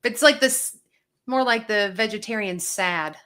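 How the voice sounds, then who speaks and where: A woman's voice: medium pitch, moderate pace, pushed and bright. A woman talking as a guest on a video call, chatting casually and rambling with fillers and restarts. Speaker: guest, registered nurse. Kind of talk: casual interview chat.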